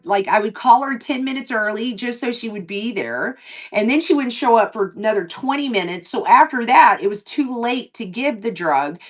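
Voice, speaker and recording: A woman chatting casually and telling a long story, acting out what people said and swearing freely. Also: recorded from a distance. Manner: animated, swearing, acts out dialogue in lowered and raised voices. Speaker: livestream co-host.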